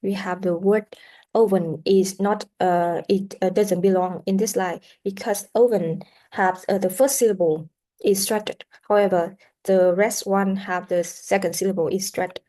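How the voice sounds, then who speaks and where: Mellow-voiced woman teaching pronunciation. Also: mid-range voice, steady tone. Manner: slow, explanatory, with frequent "uh" fillers; models sounds and words for repetition. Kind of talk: recorded classroom lecture.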